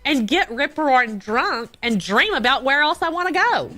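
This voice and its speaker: A woman's voice: high voice, sing-song, moderate pace, over music. A Texan woman co-hosting a casual chat show, teasing her co-host and laughing a lot. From Texas.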